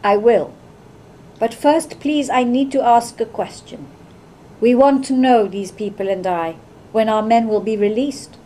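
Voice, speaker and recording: A woman's voice: a little high, unhurried, dark tone, slight background noise, close to an everyday voice. A woman reading the lines of a guarded young Iraqi woman who speaks formally and earnestly.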